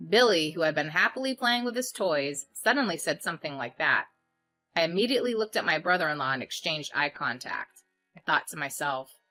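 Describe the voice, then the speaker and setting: A woman narrating a story in the first person with steady recounting. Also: sits low, a little fast, soft background music.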